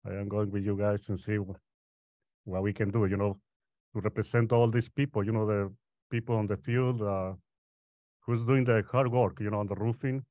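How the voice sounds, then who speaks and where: A man's voice: lowish voice, steady tone, normal speed, dry recording. A Spanish-speaking man from Mexico with a Mexican accent, a roofing worker telling his story hesitantly, with a lot of "you know". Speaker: roofing worker, panel guest. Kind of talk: casual panel chat. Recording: dry, muffled audio.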